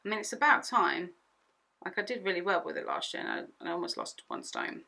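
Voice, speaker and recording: Bright-voiced chatty woman vlogger. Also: fairly low pitch, fast, creaky. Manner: excitable, rambling, repeats herself. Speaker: beauty vlogger. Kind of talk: chatty makeup tutorial.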